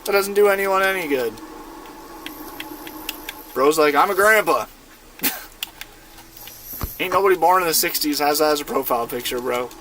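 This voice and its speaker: Casual young male streamer, slightly high voice, slangy and laid-back, faint hiss behind. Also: unhurried, long pauses, a bit bright. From United States. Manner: laid-back, slangy, chatting with his viewers while playing. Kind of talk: casual live-stream gaming chat. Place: inside a van.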